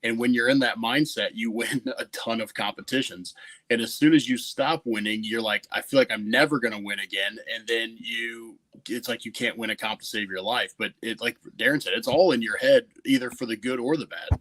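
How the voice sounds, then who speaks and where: A man from St. Louis, co-host and barbecue champion, chatting in a relaxed, reflective way. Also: medium pitch, a little fast, no room sound. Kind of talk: casual chat.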